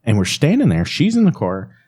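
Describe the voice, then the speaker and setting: A man's voice: on the low side, fairly quick, breathy edge. A man co-hosting a podcast, telling stories in casual, laughing chat that lets a swear word slip now and then. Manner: animated, laughing storyteller, swears freely. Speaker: podcast co-host.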